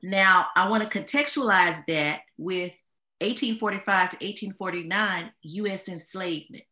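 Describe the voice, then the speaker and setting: Woman guest historian, bright tone, measured and deliberate delivery, slight room echo. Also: medium pitch. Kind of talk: podcast discussion.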